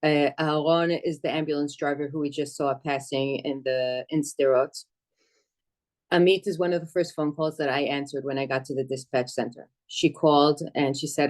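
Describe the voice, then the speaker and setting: A woman who works as an emergency medic and dispatcher, giving a spoken testimony in a steady, earnest storytelling manner with some hesitations. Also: low-pitched, moderate pace. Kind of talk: personal account speech.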